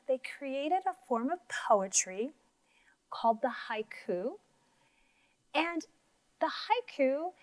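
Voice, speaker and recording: A woman's voice: sits high, no room sound. A woman teacher giving a writing lesson to young children, upbeat and encouraging.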